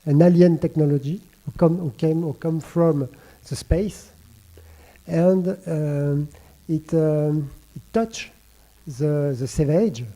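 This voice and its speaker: A man with a French accent and a very dark, mellow voice speaking on a conference panel. His first language is French, and he talks haltingly in English, groping for words. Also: on the high side. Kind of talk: round-table discussion.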